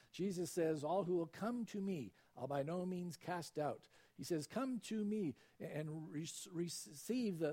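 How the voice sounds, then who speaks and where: A man preaching with a lively, swooping delivery that climbs high and drops low, his voice mellow and dark in tone. He quotes scripture and slows right down to stress key points. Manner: animated preaching, quoting scripture, slows for emphasis. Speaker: pastor. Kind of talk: sermon.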